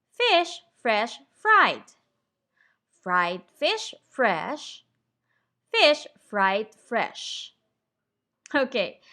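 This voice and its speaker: Woman pronunciation teacher, slow and patient, voice goes up and down a lot, drills words one by one. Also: high-pitched, bright, forceful tone. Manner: patient, repeats "okay?" to check on learners; drills words slowly and deliberately. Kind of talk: slow, clear instructional lesson.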